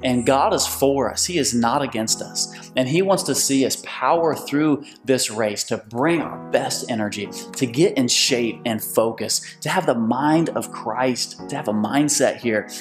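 A pastor giving an energetic, excited sermon. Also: male voice, medium pitch, unhurried, hardly any pauses, faint music behind.

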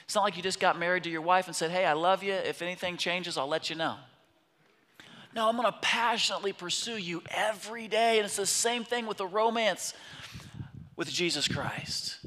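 A man in his thirties preaching a sermon as a pastor, animated and telling stories, swinging between loud bursts and hushed asides. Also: sits high, moderate pace. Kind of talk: sermon with storytelling. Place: church sanctuary. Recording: long reverb of a large hall.

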